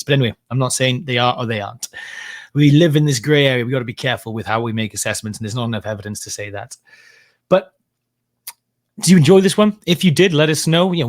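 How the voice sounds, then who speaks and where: A man's voice: medium pitch, no echo, clean studio sound. A man hosting a podcast in casual, chatty talk, laughing easily. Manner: chatty, laughs often, restarts. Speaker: podcast host. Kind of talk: casual chat.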